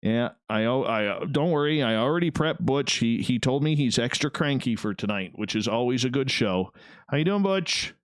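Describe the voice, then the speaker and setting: An upbeat man hosts a live radio broadcast, greeting his chatters with bouncy pitch jumps. His voice is smooth and resonant, set close to a studio mic in a dry room. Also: lively intonation, normal speed, no room sound. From Canada. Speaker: radio show host.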